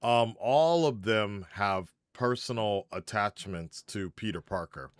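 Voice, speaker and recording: A man's voice: lowish voice, slow, no echo, studio quality. A man from Japan chatting casually about a superhero film, rambling with lots of fillers and restarts. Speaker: livestream panelist. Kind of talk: casual movie spoiler chat.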